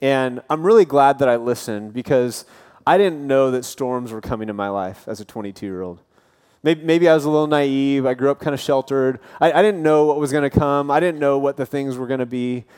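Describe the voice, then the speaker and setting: A man's voice: mid-range voice, a little fast, darkish tone, clear, resonant tone. A man in his thirties, a campus pastor, preaching an earnest, casual sermon full of personal stories and light self-deprecating humor. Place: church auditorium.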